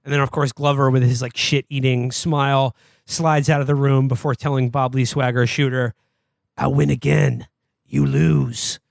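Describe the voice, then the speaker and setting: A man co-hosting a podcast, recapping a movie in a profane, animated way and mocking the characters in put-on voices. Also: medium pitch, moderate pace, clean tone, no room sound, clean studio sound. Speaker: podcast co-host. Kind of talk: casual comedic movie recap.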